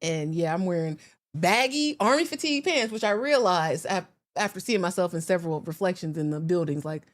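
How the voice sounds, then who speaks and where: Animated slangy American woman storyteller. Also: fairly low pitch, a little fast. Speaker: podcast guest. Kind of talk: casual chat.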